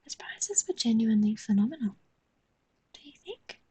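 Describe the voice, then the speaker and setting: A woman's voice: fairly high pitch, very animated, normal speed, mellow, breathy edge, rough recording. A woman with a London accent, chatting casually on a live stream while she draws, joking, swearing and reading chat aloud.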